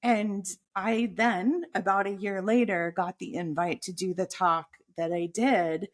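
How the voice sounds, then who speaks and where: A woman's voice: mid-range voice, measured pace. A woman telling a personal story. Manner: animated anecdote with voiced quotes of her own thoughts. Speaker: podcast guest.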